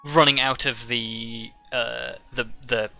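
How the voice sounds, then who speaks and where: A man narrating as game master of a tabletop game, halting often with fillers and restarts. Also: medium pitch, steady tone, vocal fry, sharp tone, soft background music.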